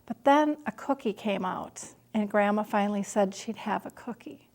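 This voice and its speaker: A middle-aged woman telling a personal story as a caregiver, speaking slowly and deliberately, at times dropping to a hush. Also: medium pitch.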